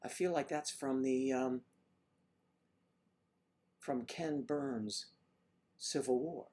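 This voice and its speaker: Man, livestream host, casual chat, playful, rambling, mid-pitched voice. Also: takes it slowly, mellow. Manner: playful, rambling, greets viewers by name.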